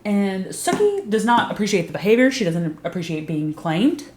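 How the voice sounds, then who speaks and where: A woman casually recapping a TV series, swearing freely and acting out characters' lines in an animated storytelling way. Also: medium pitch, moderate pace. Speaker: video recap host. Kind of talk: casual profane recap commentary. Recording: roomy echo with faint background hiss.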